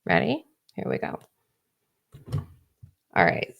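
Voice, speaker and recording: A woman's voice: takes it slowly, lo-fi sound. A woman livestreaming from her phone as a spiritual coach, brash, profane and emphatic. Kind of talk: livestream talk to viewers.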